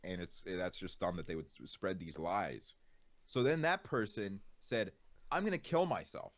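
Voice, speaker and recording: A man's voice: deep voice, big pitch swings, unhurried. A male streamer in casual chat, ranting with exasperation, swearing often and leaning on fillers.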